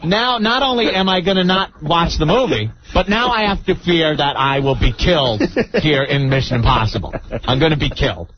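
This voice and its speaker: A male radio host telling a story in an animated, mock-dramatic way, on a muffled radio broadcast with faint hiss. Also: a little high, moderate pace, hardly any pauses. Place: radio studio.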